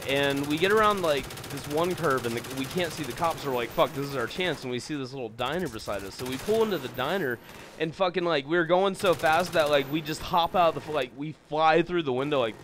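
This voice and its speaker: A man's voice: on the high side, fairly bright tone, a little hiss or hum. A young man telling stories in a casual, rambling way over gameplay, swearing often and leaning on fillers. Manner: rambling, profane, filler-heavy. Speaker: gameplay commentator.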